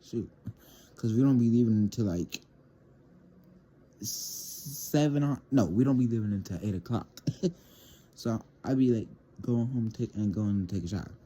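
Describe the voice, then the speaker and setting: A teenage boy chats through a casual storytime, talking straight to his viewers and tripping over repeated words as he rambles. His voice sits low with a soft, mellow tone. A faint hum runs underneath. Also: normal speed. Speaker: vlogger.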